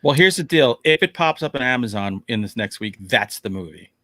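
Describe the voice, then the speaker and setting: A man co-hosting a casual horror podcast, his voice swinging up and down as he jokes around. He sits close to a dry-sounding mic. He talks at an ordinary, middling pitch. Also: brisk, no echo. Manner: jokey, animated, wraps up the show. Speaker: podcast co-host.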